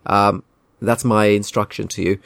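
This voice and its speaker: A man's voice: lowish voice, level tone, normal speed, gravelly, fairly bright tone, dry recording. A man telling a casual anecdote in a wry, indignant, rambling way. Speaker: storyteller.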